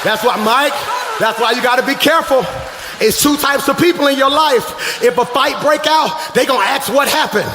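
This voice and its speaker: A man preaching a sermon as pastor, shouting and half-singing his lines, calling out to the congregation from the stage. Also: extremely high pitch, normal speed, background noise. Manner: shouting, sing-song preaching with crowd call-outs. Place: large church hall. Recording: echoey live church hall.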